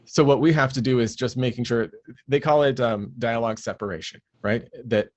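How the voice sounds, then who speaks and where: A man who narrates audiobooks, speaking as a guest in a relaxed interview, explaining his craft at length with fillers and restarts. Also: medium pitch, a little fast.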